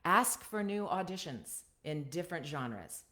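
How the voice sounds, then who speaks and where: This American woman has a deep, bright, forceful voice, animated yet measured in pace. Streaming live via her computer webcam, she gives a chatty voiceover coaching talk and tends to end points with "right?"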